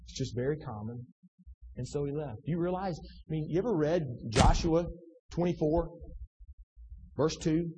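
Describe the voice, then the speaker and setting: A male pastor preaching to a congregation, reading scripture and then riffing on it in a chatty, restart-filled way. His voice is high and husky and swings widely in pitch. The sound carries a long echo from a large room. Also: moderate pace, long pauses, darkish tone, lo-fi sound. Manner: conversational preaching, many restarts and asides. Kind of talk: sermon. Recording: distant in a reverberant hall.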